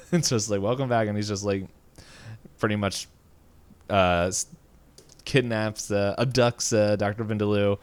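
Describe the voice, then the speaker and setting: A man's voice: lowish voice, fairly even intonation, a little slow, pauses often, smooth. A man co-hosting a podcast, recapping a cartoon episode in a rambling, casual way with many fillers and frequent chuckles. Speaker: podcast co-host.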